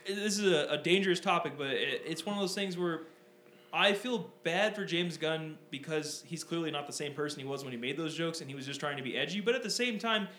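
A man's voice: a little high, fairly quick. A man co-hosting a podcast, chatting casually and rambling with lots of fillers and swearing. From Southern California. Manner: animated, profane, rambling with many fillers. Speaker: podcast co-host. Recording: echoey room with faint hum.

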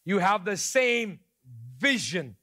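A man from India, preaching a sermon in a conversational way that moves between soft storytelling and emphatic points. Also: high voice, sing-song, slow pace. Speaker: pastor.

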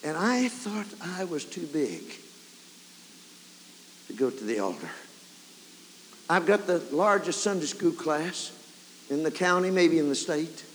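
A man preaching a revival sermon, telling a story and building to fervent shouts. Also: on the high side, big pitch swings, a little slow, pauses often. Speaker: evangelist preacher. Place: large camp meeting hall or tabernacle. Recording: 1990s camp meeting tape, hall reverb, faint hiss.

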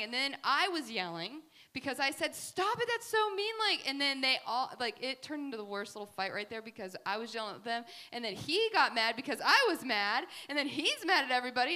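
A woman giving a faith talk, telling family stories in an animated, chatty way with many fillers. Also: fairly high pitch. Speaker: speaker at a faith gathering.

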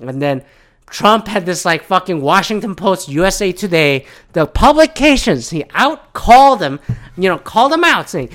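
A man's voice: high voice, very animated, moderate pace. Profane rambling man ranting. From Michigan. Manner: profane, rambling, sarcastic, mocking voices of others. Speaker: podcast host. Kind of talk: casual political rant.

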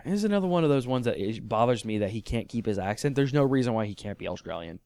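A man co-hosting a relaxed TV recap chat, his pitch bouncing up and down as he gets excited. He laughs a lot and restarts his sentences. The sound is dry and close. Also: fast talker, dry recording. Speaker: podcast co-host.

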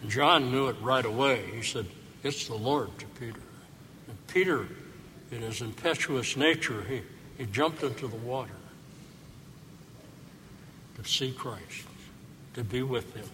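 A priest preaches to his congregation at an unhurried pace, a man with a middle-range voice. His words ring out in a long church reverb over faint room ambience. He leans on rhetorical questions, reflective and earnest. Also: mid-range voice, pushed and bright, a little hiss or hum. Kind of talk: sermon.

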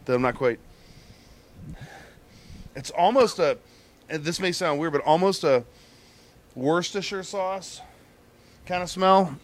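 A man's voice: a little high, a little slow, pauses often. A man talking casually as a guest, explaining pipe tobacco with many fillers and restarts. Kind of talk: casual chat.

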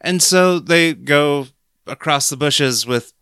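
A man's voice: a little high, takes it slowly, bright, forceful tone, clean tone, no echo, clean studio sound. A man co-hosting a podcast, casually retelling a cartoon's plot with chuckles. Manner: narrates plot points with chuckles. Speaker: podcast co-host. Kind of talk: casual chat recapping a cartoon.

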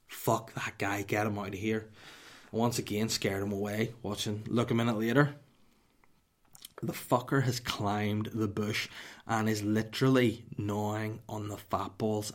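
A young Northern Irish man with a lowish, level voice hosts a podcast at a moderate pace. He tells a comic story in a sweary, mock-dramatic style, dropping to a whisper for the punchlines.

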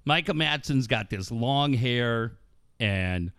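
Animated, profane man telling stories. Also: medium pitch, slow pace, clear, resonant tone, no echo, clean studio sound. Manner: profane, animated storytelling with frequent laughs. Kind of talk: casual chat, swapping crude stories.

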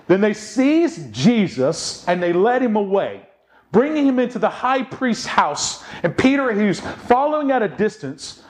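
A man preaching a sermon, telling a story with lots of rhetorical questions and emphatic repetition. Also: high-pitched. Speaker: pastor.

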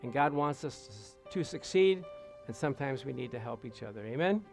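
A man's voice: mid-range voice, animated, normal speed, gravelly, over music. A male pastor preaching and leading prayer with fervent repetition, calling out to his listeners for an amen. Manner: fervent, repeats phrases, calls out "Amen?". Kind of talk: sermon and prayer.

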